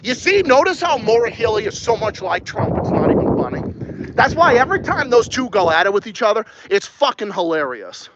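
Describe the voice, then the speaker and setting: A podcast host from Massachusetts with a New England accent rants with heavy profanity while taking viewer questions outdoors. His voice sits unusually high and jumps around a lot. The recording sounds dull and lo-fi, with faint noise behind him. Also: big pitch swings, a little fast. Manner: profane, heated ranting. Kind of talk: ranting live-stream podcast with viewer questions.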